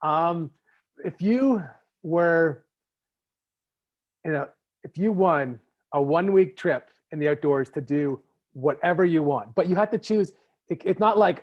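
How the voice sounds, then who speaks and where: A man's voice: fairly high pitch, expressive, measured pace, long pauses. A man from Canada hosting a podcast interview in casual chat, rambling with many fillers and restarts. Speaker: podcast host. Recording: slightly muffled lo-fi audio.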